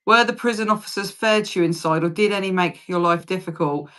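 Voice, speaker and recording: A woman's voice: lowish voice, a little fast, fairly bright tone. A British woman in her forties hosting a casual livestream chat, talking loosely, laughing often and swearing freely. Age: 40s. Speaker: livestream host.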